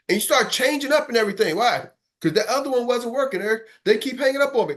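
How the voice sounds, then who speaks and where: Talking very fast with hardly any pauses, a man with a very high-pitched, animated, slightly bright voice gives his sales team a motivational coaching talk over an online meeting. He preaches emphatically, hammers points home through repetition, and calls on people in the live group by name.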